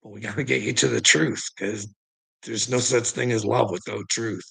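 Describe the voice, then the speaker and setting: A man's voice: lowish voice, steady tone, normal speed, vocal fry, a bit bright, husky, poor audio. A man hosting a live stream, ranting at his chat in a combative, profane way and needling viewers by name. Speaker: livestream host.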